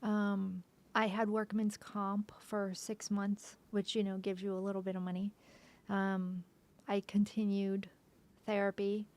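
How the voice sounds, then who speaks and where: A medium-pitched woman shares a painful personal story as a podcast guest, delivering it flatly and haltingly. She restarts sentences and repeatedly drops to a soft whisper.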